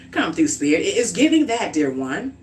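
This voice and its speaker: Woman tarot reader, livestream; animated, profane, blunt. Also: on the low side, normal speed, slight background noise.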